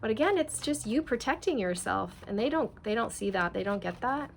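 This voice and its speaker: A woman's voice: a little high, animated, a little fast, gravelly, slight background noise. A woman doing a casual tarot reading. She talks straight to her viewers in a chatty, repetitive way. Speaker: tarot reader.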